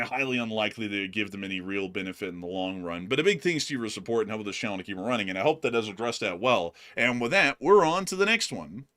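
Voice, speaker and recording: Co-host, male, bright and forceful tone, casual livestream chat, laughs a lot. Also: medium pitch. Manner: laughs often, loose and chatty. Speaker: co-host answering viewer questions.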